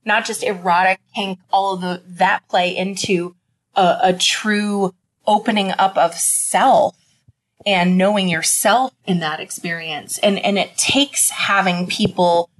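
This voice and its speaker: A woman's voice: medium pitch, steady tone, measured pace, low-quality recording. A woman speaking as a panelist in a casual discussion, earnest and reflective.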